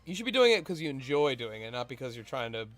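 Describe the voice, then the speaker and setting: A man's voice: mid-range voice, big pitch swings, quick pace. A man co-hosting a casual gaming stream, explaining the game and reading chat aloud. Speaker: streamer, co-host.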